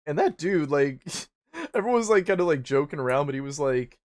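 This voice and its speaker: A young man chatting casually while streaming a game, rambling and swearing constantly, turning animated when he retells stories. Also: on the high side, brisk. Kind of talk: casual chat while gaming.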